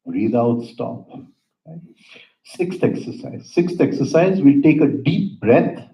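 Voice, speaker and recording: A man teaching a yoga breathing lesson, giving calm instructions with soft pauses and frequent "right?" asides. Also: medium pitch. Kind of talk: guided breathing lesson with storytelling. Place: yoga center room. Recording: roomy, dull lo-fi hall recording.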